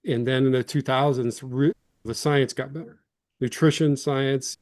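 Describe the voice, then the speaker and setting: A man's voice: mid-range voice, steady tone, a little slow, a little mellow, no echo. A man in his fifties from Illinois, a former football lineman telling rambling, self-deprecating stories as an interview guest. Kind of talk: casual interview storytelling.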